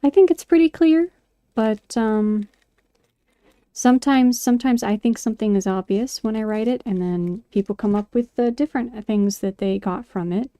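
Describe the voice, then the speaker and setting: Mellow-voiced woman chatting casually. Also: on the high side, moderate pace, smooth, dry recording. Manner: chatty, rambling, many fillers and restarts. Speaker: craft and poetry vlogger. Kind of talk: casual chat while sculpting.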